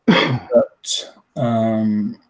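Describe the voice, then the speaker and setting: A man in a hobby hangout chat, talking hesitantly with many pauses and fillers. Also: on the low side, level tone, low-quality recording. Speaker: hangout participant. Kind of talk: casual chat.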